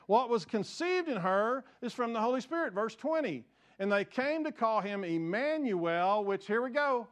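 High-voiced man preaching a sermon. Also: fairly bright tone. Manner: emphatic preaching, repeats key phrases, asks the congregation to respond; frequent restarts and fillers, conversational asides. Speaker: pastor.

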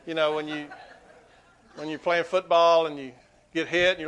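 A man preaching a sermon to his congregation, swinging between quiet asides and loud, emphatic peaks. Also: fairly high pitch, fairly even intonation, a little fast. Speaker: pastor.

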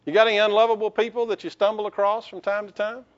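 High-voiced man preaching a sermon. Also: flat delivery, fast talker, lo-fi sound. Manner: conversational preaching with frequent restarts and rhetorical questions. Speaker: pastor.

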